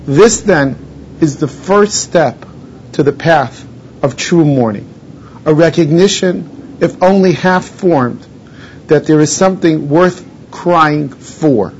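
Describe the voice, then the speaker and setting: A rather high-voiced man gives a religious lesson, stopping to gloss Hebrew terms in plain English. The recording sounds dull and lo-fi, with a faint rumble underneath. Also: slow. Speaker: rabbi teaching a class. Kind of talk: Torah lesson on mourning laws.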